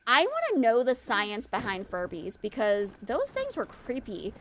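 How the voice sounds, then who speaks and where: A woman streamer chatting casually with her viewers while she plays a game. She is a mother and a former teacher, and she talks in an animated, rambling way with lots of fillers. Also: a little high, unhurried, slight background noise.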